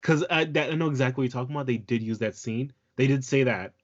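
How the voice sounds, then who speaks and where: A man's voice: mid-range voice, fast, highs cut off. A man co-hosting a podcast in casual chat, teasing his co-host and exclaiming with casual swearing.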